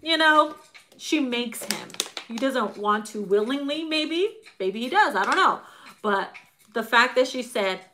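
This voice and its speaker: A middle-aged woman reading tarot in a relaxed, chatty way, her voice bright and full of lively swings. She curses freely and keeps breaking into laughter as she acts out the people in the cards. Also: on the high side, unhurried, slight background noise. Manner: animated and profane, laughing often, acting out quotes. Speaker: tarot reader. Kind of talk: casual tarot reading to viewers.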